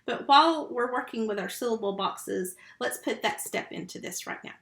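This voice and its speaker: A woman who teaches first grade, giving a slow, patient remote phonics lesson and sounding out syllables and letters. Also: on the high side, lively intonation, vocal fry, fairly bright tone, reverberant.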